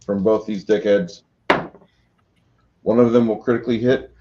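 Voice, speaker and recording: A man's voice: lowish voice, steady tone, moderate pace, heavy background noise. Game master, male, easygoing and jokey, dull lo-fi home recording. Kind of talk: running a tabletop game.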